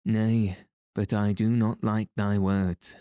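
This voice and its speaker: A man's voice: lowish voice, flat delivery, slow pace, dark tone, smooth, no echo, studio quality. A man voicing a merry, bold male outlaw hero who speaks in playful, mock-courtly old-fashioned phrases in a storybook reading. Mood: teasing.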